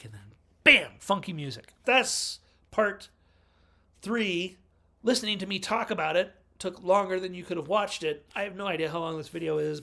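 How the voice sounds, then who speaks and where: A man with a slightly high, gravelly voice talks through a film in a loose, chatty review. He wanders, corrects himself mid-sentence and tosses in dry little asides. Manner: rambling, chatty, wry asides and self-corrections. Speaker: movie reviewer. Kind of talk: casual film review monologue.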